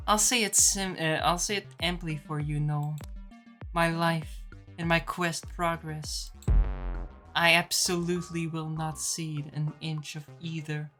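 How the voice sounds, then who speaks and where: A streamer reading as a cool, guarded woman who puts her own survival first, measured and unhurried, with a crisp, bright edge to the voice. Soft music plays faintly behind. She weighs each choice slowly before she commits. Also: low voice, steady tone. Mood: resolute. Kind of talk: reading game dialogue aloud.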